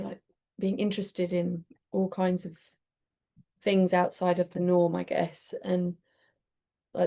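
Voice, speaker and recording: Woman, low flat voice, mellow, hesitant casual talk. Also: vocal fry. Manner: hesitant, filler-heavy. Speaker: group participant. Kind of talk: casual group discussion.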